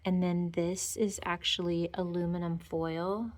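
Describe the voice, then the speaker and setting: A woman with a lowish voice, little pitch movement, and a measured pace gives a casual porch tour as a home decor vlogger. Outdoors on her decorated porch, she chats and gushes, full of fillers and sweet little remarks.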